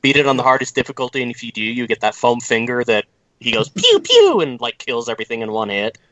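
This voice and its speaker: A man, a podcast regular, joking in an animated, casual way. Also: mid-range voice, fast talker, no room sound. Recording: dry, dull lo-fi audio.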